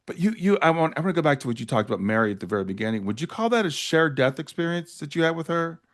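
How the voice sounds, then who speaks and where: A man's voice: fairly high pitch, big pitch swings, very fast. A man hosting an interview, reflective and thoughtful, summing up what his guest says. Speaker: podcast host. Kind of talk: interview conversation.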